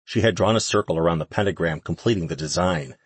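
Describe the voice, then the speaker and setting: A man narrating a fantasy audiobook in a steady, even reading. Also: low voice, fast, husky, no echo. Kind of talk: scripted narration.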